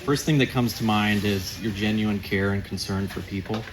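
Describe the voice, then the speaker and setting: A man's voice: fairly low pitch, fairly even intonation, moderate pace, background noise. Man in his forties giving a best man toast. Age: 40s. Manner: heartfelt, jokey, laughs often. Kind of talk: wedding toast. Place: wedding reception.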